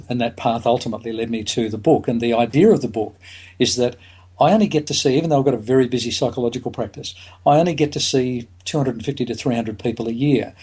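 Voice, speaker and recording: A man's voice: mid-range voice, darkish tone, breathy edge. A man speaking as a psychologist guest on a podcast, with a hesitant delivery full of fillers and restarts. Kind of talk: podcast interview.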